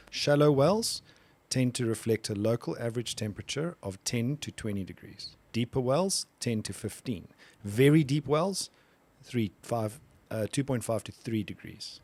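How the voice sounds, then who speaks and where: A man's voice: medium pitch, lively intonation, normal speed, darkish tone. A man co-hosting a casual podcast, chiming in and reading out answers. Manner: short interjections and reactions. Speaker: podcast co-host.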